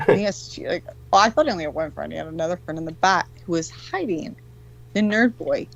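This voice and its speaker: A woman's voice: fairly low pitch, expressive, fast, vocal fry. A woman in her forties, a caller on a livestream, telling a rambling, profane story in casual chat. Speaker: guest caller. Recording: dull, dry call audio.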